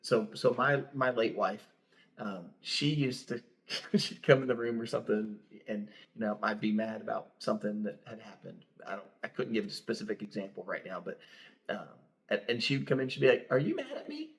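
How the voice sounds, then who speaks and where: A man's voice: lowish voice, fairly even intonation, normal speed. A middle-aged man, a pastor co-hosting a podcast, telling stories in a plain, straightforward way and laughing easily. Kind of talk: casual chat.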